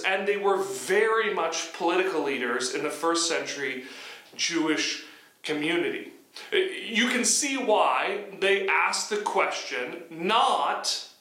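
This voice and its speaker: A man's voice: sits high, sharp tone. A man from the United States teaching a sermon in a conversational way, with frequent restarts. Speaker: preacher. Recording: echoey room.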